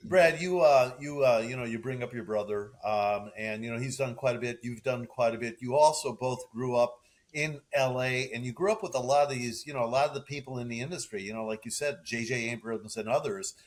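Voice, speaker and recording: A man's voice: medium pitch, fairly quick. A man hosting a podcast, asking the guest questions in a hesitant way with many fillers. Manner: hesitant, fills with "you know" and "uh". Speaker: podcast host. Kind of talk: interview questions.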